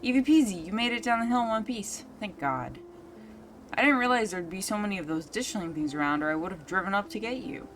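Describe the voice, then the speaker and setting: A woman's voice: medium pitch, lively intonation, a little fast, fairly bright tone, slight background noise, natural voice, rough recording. Woman voicing a wry, anxious best friend. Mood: worried. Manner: chatty, wry.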